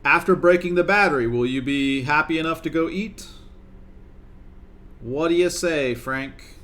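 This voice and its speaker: A man's voice: a little high, unhurried, fairly bright tone. Man coaxing his game characters. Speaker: gaming streamer. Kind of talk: live gameplay commentary.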